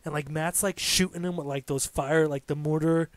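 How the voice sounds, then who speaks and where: A young man co-hosting a casual gaming video, telling stories excitedly and saying "like" a lot. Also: fairly high pitch, normal speed. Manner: excitable storyteller, heavy "like" filler. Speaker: let's-play co-host.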